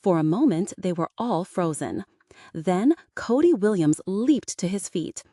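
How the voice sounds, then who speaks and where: A woman narrating an audiobook for English learners, clear and expressive. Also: fairly low pitch, unhurried, dry recording, studio quality.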